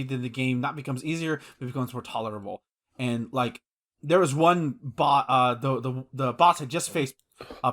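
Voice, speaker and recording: A man's voice: mid-range voice, fairly bright tone. A man co-hosting a gaming podcast in casual chat, rambling with many fillers and restarts, enthusiastic and swearing casually. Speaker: podcast co-host.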